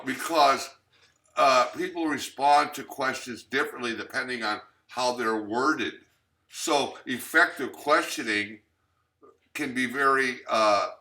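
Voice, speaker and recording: Slow, bright-voiced male instructor. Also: mid-range voice. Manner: plain, repetitive teaching with fillers and restarts. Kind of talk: recorded training lecture.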